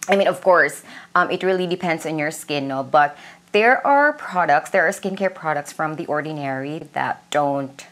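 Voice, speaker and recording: A woman's voice: deep voice, expressive, normal speed, a bit bright. A young Filipino woman with a Cebuano accent, chatting casually at home about her skincare and mixing Cebuano words into her English. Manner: chatty, mixes Cebuano into English, many fillers and "like". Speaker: beauty vlogger. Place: indoors at home.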